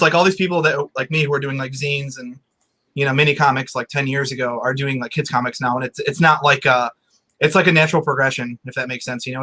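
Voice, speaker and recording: A relaxed man in his thirties chats as a guest, his voice bright and clear with an easy, rambling flow. He leans on "like" and small fillers, and his pitch sits in an ordinary middle range. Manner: laid-back, full of "like" and fillers. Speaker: guest author. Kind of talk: casual chat.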